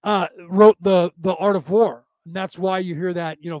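High-voiced rambling man host. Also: fairly even intonation, normal speed, a little mellow, no room sound. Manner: rambling, repetitive, preachy. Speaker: podcast host. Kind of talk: casual spiritual talk.

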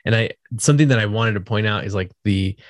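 A man's voice: fairly low pitch, quick pace, no echo, clean studio sound. A man in a casual podcast chat, enthusiastic and rambling, swearing casually. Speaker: podcast co-host or guest.

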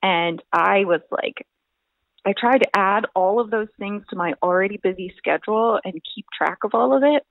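A young woman telling stories about competition prep in a rambling, animated way, full of fillers. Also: medium pitch, normal speed, vocal fry, no echo. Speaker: bodybuilding competitor, podcast guest. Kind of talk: casual storytelling chat. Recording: thin phone-like line.

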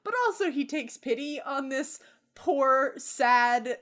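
Young woman podcast host, higher voice, loose, profane storyteller who giggles. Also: slow, fairly bright tone. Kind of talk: casual storytelling.

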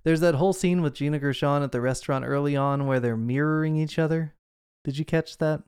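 A man's voice: a little high, fairly quick, darkish tone, smooth, dry recording, studio quality. A man co-hosting a podcast, talking through a movie in a rambling, casual way with lots of asides. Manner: chatty, rambling with fillers and asides. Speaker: podcast co-host.

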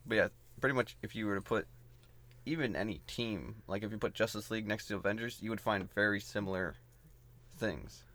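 A young man co-hosting a casual podcast, laid-back and laughing along, with lively intonation. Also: fairly low pitch, fairly quick. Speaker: podcast co-host. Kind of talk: casual chat.

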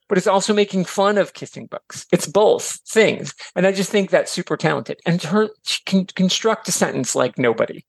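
Here an author and teacher appears as a podcast guest, his slightly high voice carrying vocal fry and a fairly bright tone. The recording is dry, and his casual chat is full of digressive stories and occasional swearing.

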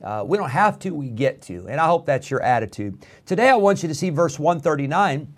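Man preaching, middle-aged pastor, fairly high voice, earnest, many "uh" fillers, fervent emphasis. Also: very animated, fairly quick. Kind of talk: radio sermon.

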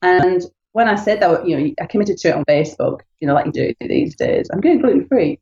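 A British woman in her late thirties talks candidly as an interview guest, in a chatty storytelling way. Her voice is low-pitched and mellow. The recording is echoey and slightly dull. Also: a little fast, creaky. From United Kingdom. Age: late 30s. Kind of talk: casual interview chat.

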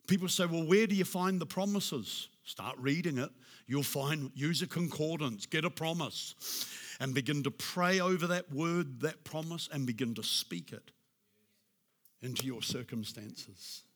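Unhurried and medium-pitched, a male pastor delivers an emphatic sermon. His voice rises to loud declarations before falling to a soft, hushed prayer.

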